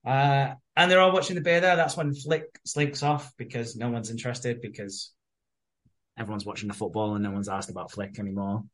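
A man's voice: medium pitch, steady tone, fairly quick, a bit bright. A man retelling a soap episode on a podcast, full of swearing and acted quotes. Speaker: podcast co-host. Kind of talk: casual comedic recap chat.

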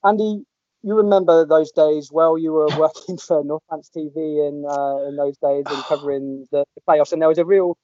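Male podcast host from England, relaxed and chatty, joking with guests over a dull lo-fi line. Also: a little high, normal speed, dry recording. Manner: chatty, jokey, rambling with restarts. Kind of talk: casual podcast chat. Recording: dull lo-fi audio.

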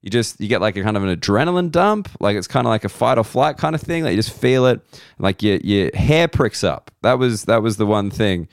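Young Australian male comedian-host, smooth clear tone, rambling and sweary monologue. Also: lowish voice, animated, a little fast, no room sound, clean studio sound. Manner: rambling, profane, self-mocking asides. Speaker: podcast host.

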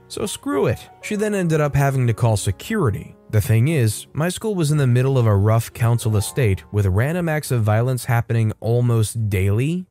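A man reads a first-person story aloud for his podcast, his voice mellow and relaxed at a middling pitch. His delivery is steady and lightly dramatic. Soft guitar music plays faintly under him. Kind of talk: reading a posted story aloud.

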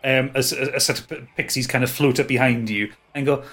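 A man's voice: mid-range voice, steady tone, quick pace, a bit bright. A man in the middle of his range runs a tabletop game over a voice call. He narrates with many stammered restarts while he sets the scene for his players. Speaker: game master. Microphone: home microphone on a voice call.

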